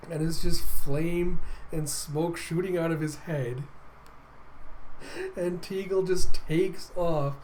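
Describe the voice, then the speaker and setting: Animated man retelling a comic. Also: on the high side, slow pace, a little hiss or hum, low-quality recording. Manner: animated, swears and laughs. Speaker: host. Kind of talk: comic readthrough, casual retelling.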